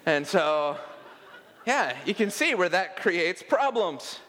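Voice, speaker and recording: A man preaching a sermon in a church, his voice sitting a little higher than most men's. He keeps a relaxed, conversational tone with gentle humor and acts out the lines he quotes. The sound carries a long reverb from the sanctuary. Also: slow pace. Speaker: pastor.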